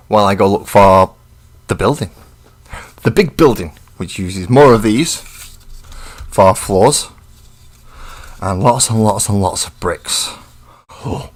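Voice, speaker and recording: A man with a somewhat low voice talks casually on his live stream while painting. His manner is easygoing and rambling, and he turns blunt when trolls show up.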